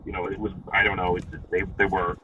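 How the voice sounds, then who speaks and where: A man of about twenty with a New York accent, calling in and telling a rambling story, swearing freely. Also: low-pitched. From Long Island, New York. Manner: fast, animated, swears freely. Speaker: caller. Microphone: phone. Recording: muffled, distant phone call with noise.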